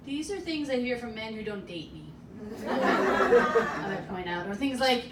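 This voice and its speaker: A woman's voice: on the high side, lively intonation, measured pace, very noisy. A woman in her thirties from Alaska with an American accent, doing a brash, profane stand-up set and talking straight to the crowd on a club stage. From Alaska, USA. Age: 30s. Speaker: stand-up comedian. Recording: roomy club sound from a distance, audience audible.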